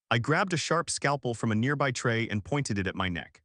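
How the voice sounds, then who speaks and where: A man narrating an emotional story in first person, steady and earnest. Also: medium pitch, brisk, no room sound, clean studio sound.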